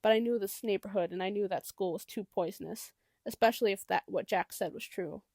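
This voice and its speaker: A woman's voice: mid-range voice, brisk, a little mellow, no room sound, studio quality, lightly acted. A woman reading as a firm, protective mother. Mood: sorrowful.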